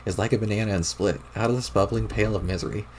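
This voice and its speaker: A man reading the lines of a sulky, foul-mouthed teenage boy in a crude, grumbling, deadpan way while reading a comic aloud. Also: fairly low pitch, fast talker, a little hiss or hum, lightly acted. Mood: scornful.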